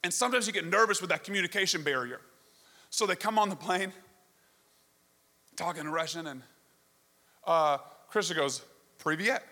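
A man's voice: high-pitched, normal speed, long pauses, bright, forceful tone. A man preaching a sermon, telling a story and asking the congregation rhetorical questions. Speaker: pastor. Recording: long reverb of a large hall.

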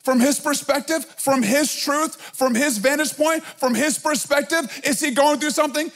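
A man's voice: extremely high pitch, normal speed, fairly bright tone. A man in his thirties preaching a sermon in an emphatic, conversational way, full of casual fillers. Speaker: pastor.

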